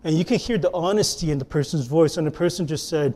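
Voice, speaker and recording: A man preaching a sermon as a pastor, earnest, moving between emphatic lines and hushed ones. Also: on the high side, fast talker.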